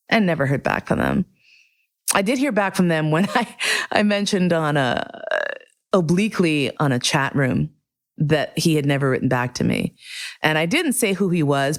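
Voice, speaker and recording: A middle-aged woman hosting a podcast, telling a personal story in a candid, profane, animated way. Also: deep voice. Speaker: podcast host. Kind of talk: casual storytelling monologue.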